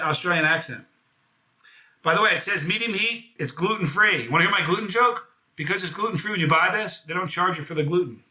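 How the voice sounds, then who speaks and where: A man's voice: high-pitched, sharp tone, reverberant. A man from the United States hosting a casual live hot sauce review, chatty and enthusiastic, with self-deprecating jokes.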